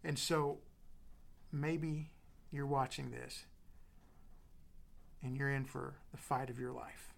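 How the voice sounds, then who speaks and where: A middle-aged man preaching a sermon as pastor, dropping to soft whispers and building with emphatic repetition. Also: medium pitch, fairly even intonation, takes it slowly, vocal fry, long pauses.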